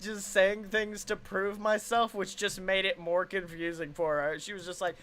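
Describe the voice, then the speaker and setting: A young man with a bright, forceful voice rattles off a story in casual podcast chat. He slips into other people's voices, swears freely and breaks into laughter. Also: sits high, little pitch movement, normal speed, hardly any pauses. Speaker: podcast co-host.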